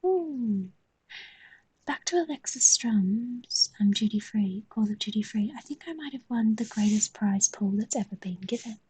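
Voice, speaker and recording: A woman's voice: a little high, lively intonation, moderate pace, warm tone, slightly rough, no room sound, low-quality recording. A woman with a London accent, chatting casually on a live stream while she draws, joking, swearing and reading chat aloud.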